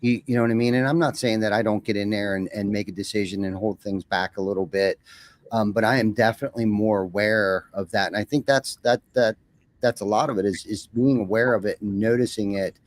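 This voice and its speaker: A man's voice: lowish voice, steady tone, a little fast, no echo. A man talking as a podcast guest, rambling and often repeating words as he starts a sentence. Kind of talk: casual conversation.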